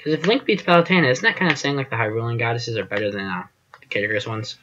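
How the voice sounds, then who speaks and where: A man's voice: medium pitch, rapid-fire, lo-fi sound, background noise. A man giving casual gameplay commentary as host of his channel, rambling and self-deprecating, often trailing off with fillers.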